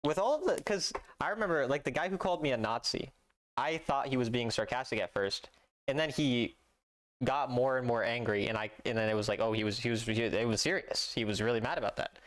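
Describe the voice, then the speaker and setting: A man's voice: mid-range voice, fairly quick, a bit bright. Chill young guy on a game stream, reading chat and cracking dry jokes. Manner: laid-back, reads chat aloud, dry joking. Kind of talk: casual gaming stream chat.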